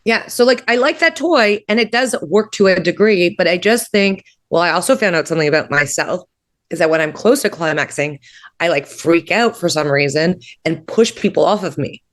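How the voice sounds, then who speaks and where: A woman's voice: fairly low pitch, lively intonation, moderate pace. Candid laughing woman comedian. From Canada. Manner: candid, laughing, many fillers. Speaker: comedian guest. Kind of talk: casual comedic chat.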